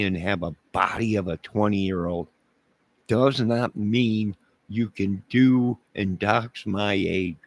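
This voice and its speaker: A man's voice: lowish voice, slow, no room sound. A man livestreaming, joking with his chat in a mock-indignant way and talking back to viewers.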